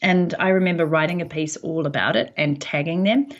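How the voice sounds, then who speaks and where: A woman's voice: sits low, fairly even intonation, a little fast, muffled recording. A woman with a New Zealand accent, telling stories in a chatty way with plenty of ums as a podcast guest. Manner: chatty storytelling with frequent ums. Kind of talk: casual podcast interview.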